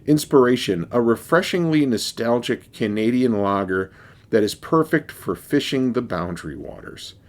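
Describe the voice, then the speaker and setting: A man's voice: medium pitch, animated, normal speed. A man casually reviewing a beer for his vlog, rambling and wry, with many fillers and restarts.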